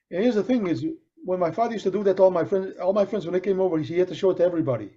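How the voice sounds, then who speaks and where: A middle-aged man co-hosting a podcast tells a long anecdote in casual conversation, speaking rapid-fire in a high voice with hardly any pauses. He acts out the voices of the people in the story and restarts often. The podcast recording sounds dull and lo-fi.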